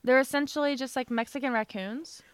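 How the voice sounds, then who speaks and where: A woman's voice: high voice, steady tone, a little fast, clear, resonant tone, no echo. A young woman co-hosting a casual podcast, joking bluntly and giggling. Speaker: podcast co-host. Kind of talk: casual chat.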